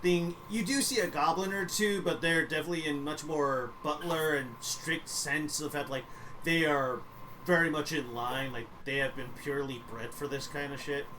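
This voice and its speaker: A man's voice: a little high, moderate pace, background noise. A young man narrating as game master for a streamed tabletop game, rambling with many fillers and casual swearing.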